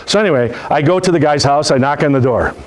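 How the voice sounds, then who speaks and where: A man's voice: fairly high pitch, fast, noisy background. Folksy joking male sales trainer. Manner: folksy, joking, animated storytelling. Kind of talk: motivational seminar talk.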